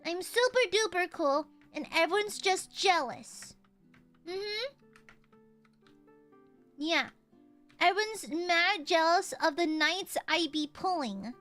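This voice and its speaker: A woman's voice: very high voice, expressive, takes it slowly, pauses often, a bit bright, soft background music. A woman streamer chatting casually while gaming, playful and boastful, swearing freely and laughing often.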